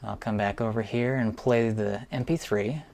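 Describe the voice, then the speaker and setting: A man's voice: on the low side, fairly even intonation, moderate pace, creaky. A middle-aged man, a piano teacher, walks through a series of beginner pieces in an enthusiastic, explanatory way. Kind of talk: instructional walkthrough.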